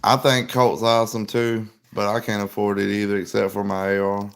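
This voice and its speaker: A man's voice: on the low side, monotone, normal speed, gravelly. A man hosting a casual livestream, answering viewer comments in a laid-back, rambling way with plenty of "like". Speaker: livestream host.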